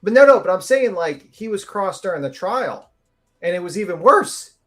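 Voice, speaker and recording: A woman's voice: mid-range voice, lively intonation, normal speed, fairly bright tone. A woman hosting a livestream, giving brash, sarcastic, profane commentary over a clip. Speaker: livestream host.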